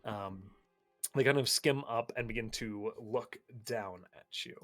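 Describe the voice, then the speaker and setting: A man narrating a tabletop role-playing game as game master, describing scenes in a relaxed way with frequent fillers. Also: lowish voice, unhurried, faint music behind.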